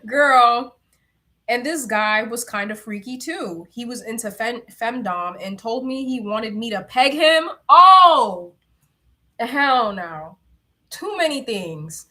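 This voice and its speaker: A woman's voice: a little high, expressive, slow, bright, forceful tone. A young woman hosting a livestream, chatting candidly with viewers in slangy talk and laughing often. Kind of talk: casual chat.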